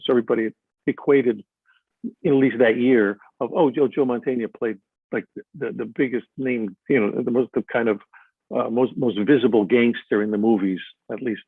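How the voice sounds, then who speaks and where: A man's voice: mid-range voice, slightly rough, no echo. An older man from Chicago, an actor being interviewed live, telling stories in a rambling way with many fillers and restarts. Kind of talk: live stage interview, storytelling. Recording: tinny phone-like sound.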